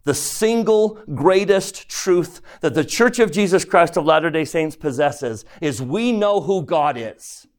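A man's voice: a little high, expressive, measured pace, few pauses. Man teaching a scripture class, questioning. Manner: poses questions to the class and retells scripture scenes. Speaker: religion teacher.

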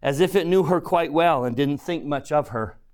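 A man preaching a sermon in an earnest way. He shifts between soft and loud and slows down for emphasis. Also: a little high.

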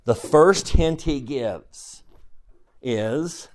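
A man's voice: mid-range voice, expressive, measured pace, darkish tone. Man teaching scripture emphatically. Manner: emphatic, asks the class questions. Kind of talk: classroom scripture lesson.

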